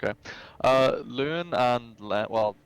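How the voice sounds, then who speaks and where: A man's voice: medium pitch, animated, slow pace, smooth. A man running a tabletop game over voice chat, narrating in a rambling, casual way with lots of fillers and swearing. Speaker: game master. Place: home, online voice chat.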